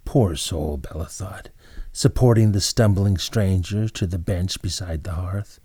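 A man narrating an old tale in a measured, dramatic way. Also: low-pitched, fairly even intonation, dark tone, no room sound, studio quality. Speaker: storyteller. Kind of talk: scripted narration.

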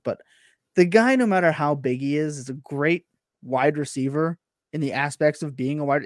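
A man chatting on a podcast as a guest, animated and self-deprecating, often stumbling and restarting his words. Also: on the high side, no echo, clean studio sound. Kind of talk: casual chat.

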